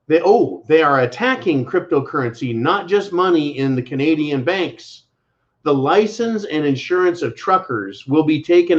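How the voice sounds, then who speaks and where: An American man hosts his channel, delivering sarcastic political commentary and calling his listeners folks. His voice sits a little high. The audio is slightly dull and lo-fi. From United States. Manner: mocking, repeating sarcastic catchphrases, calls listeners folks. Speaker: channel host.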